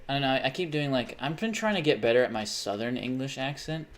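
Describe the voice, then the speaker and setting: A man's voice: mid-range voice, quick pace, a little hiss or hum. A young man live-streaming a game, chatting casually and reading viewer messages aloud, rambling and swearing often. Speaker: livestreamer.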